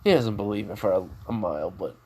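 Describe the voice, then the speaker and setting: A man's voice: on the low side, fast, mellow, slight background noise. A man casually making up and retelling a fan story, rambling with lots of fillers and restarts.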